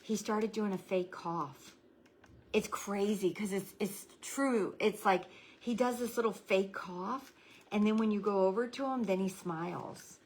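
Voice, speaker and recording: A woman's voice: mid-range voice, measured pace, darkish tone, a little hiss or hum, low-quality recording. A middle-aged woman hosting a live craft tutorial, chatting and greeting viewers by name while keeping her voice down so a baby can sleep. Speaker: craft livestream host.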